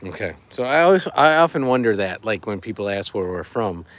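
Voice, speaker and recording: A middle-aged livestream host from the Chicago area, USA, chats casually with his viewers in a relaxed way, rambling a bit with fillers. His voice has a fairly low pitch, and he talks a little fast.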